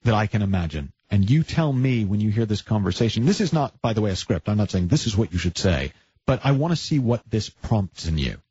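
A male host of a call-in advice show who asks probing questions and pokes fun at himself, with a husky voice. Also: lowish voice, sing-song, a little fast, a little mellow, muffled recording. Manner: probing, self-deprecating, restarts often.

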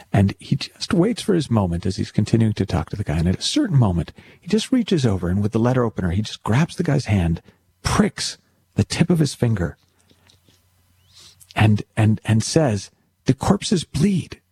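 Man, low gravelly voice, mellow tone, animated storytelling talk. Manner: tells jokes with acted voices, animated. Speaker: speaker on worry and thinking.

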